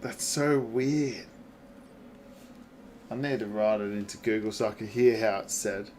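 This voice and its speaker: A man streaming a game and chatting with his viewers, swearing freely, laughing often and reacting loudly to their messages. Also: lowish voice, fairly even intonation, a little slow, slight background noise. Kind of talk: casual gaming livestream chat.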